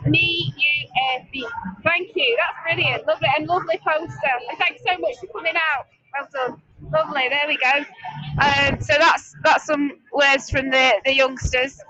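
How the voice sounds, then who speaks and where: A woman's voice: sits high, fairly even intonation, moderate pace, sharp tone, dry recording, dull audio. A woman reporter doing live roving interviews at an outdoor march, chatty and upbeat, recorded on a handheld mic. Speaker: street reporter.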